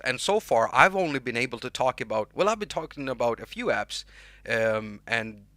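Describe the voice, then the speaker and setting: Young Swedish-accented male streamer, bright tense voice, dry close sound, rambling and restarting. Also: medium pitch, dry recording. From Sweden. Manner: rambling, restarts words, reads chat names aloud. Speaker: livestream host and music producer. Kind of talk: unscripted livestream chat.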